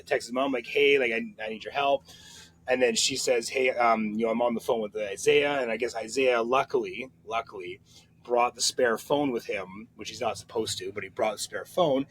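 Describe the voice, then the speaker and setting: A man hosting a podcast, telling a rambling story in casual chat with quick asides and frequent swearing. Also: medium pitch, a bit bright, slight background noise, poor audio. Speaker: podcast host.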